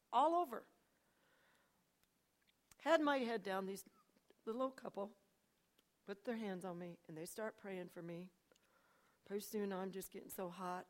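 An older woman telling her personal testimony to a church audience, swinging between hushed asides and loud, animated storytelling. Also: medium pitch. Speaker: church speaker.

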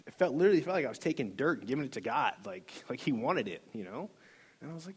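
Middle-aged man, husky voice, earnest heartfelt testimony at a church workshop, stumbles and restarts. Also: medium pitch, very animated, fast, darkish tone. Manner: earnest, emotional storytelling with many restarts. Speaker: workshop leader. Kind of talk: personal testimony.

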